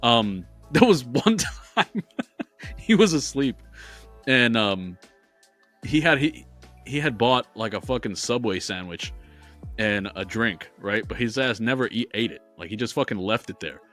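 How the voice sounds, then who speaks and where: A man's voice: medium pitch, expressive, a little slow, a bit bright, soft background music. A man co-hosting a podcast, telling rambling stories in casual chat and swearing freely. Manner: profane, rambling storyteller. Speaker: podcast co-host.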